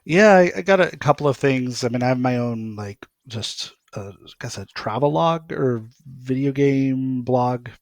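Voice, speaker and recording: A man's voice: mid-range voice, moderate pace, gravelly, hardly any pauses, no echo. A man talking as a guest on a podcast, in a hesitant, rambling way with plenty of ums and uhs. His voice is recorded dry and close, with no room sound. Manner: hesitant, many fillers, rambling. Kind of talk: casual podcast chat.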